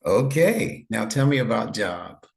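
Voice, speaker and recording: A man's voice: fairly low pitch, sing-song, measured pace, creaky. A man teaching an online lesson over a video call, patient and encouraging, praising his student often. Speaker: instructor.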